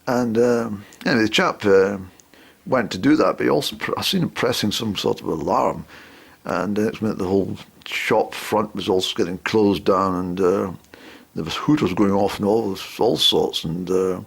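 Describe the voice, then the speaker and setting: A man telling a rambling comic story, hesitating with lots of ums, in a raspy, creaky voice. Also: fairly low pitch, moderate pace.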